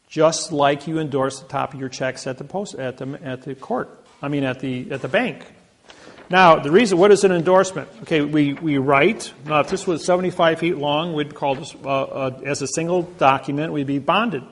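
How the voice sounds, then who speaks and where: A man giving a boastful storytelling lecture, acting out the voices of people in his stories. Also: fairly high pitch. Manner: boastful, acts out quoted voices. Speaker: presenter.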